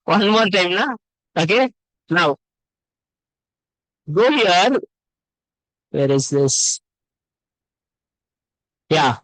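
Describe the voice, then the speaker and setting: A man's voice: high-pitched, bright, forceful tone, no echo, rough recording. A man teaching a live online coding class, repeating himself and calling students sir and ma. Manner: repetitive, addresses students as sir and ma.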